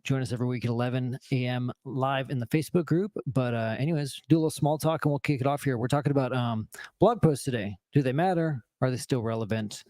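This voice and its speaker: A man's voice: mid-range voice, dark tone, dry recording. A man co-hosting a live marketing show, upbeat and friendly in casual chat with a few fillers.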